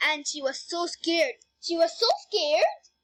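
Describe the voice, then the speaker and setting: A woman reading her own story aloud, halting and stopping to correct herself. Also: very high voice, animated, fairly bright tone.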